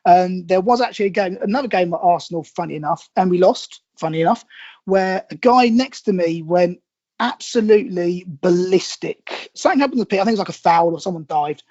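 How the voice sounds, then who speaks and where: A man's voice: high voice, brisk, a little mellow, no echo, muffled recording. Chatty London man hosting a podcast. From southern England. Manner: chatty, reads listener tweets aloud with laughs. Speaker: podcast host. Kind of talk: casual podcast chat.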